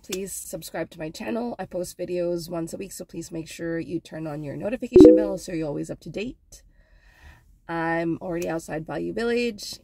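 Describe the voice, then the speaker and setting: A woman's voice: on the low side, creaky, mellow. A young woman vlogging a thrift run in a chatty, upbeat way, her voice a little muffled from a cold she is getting over. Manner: chatty, upbeat, addresses viewers directly. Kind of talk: casual vlog narration.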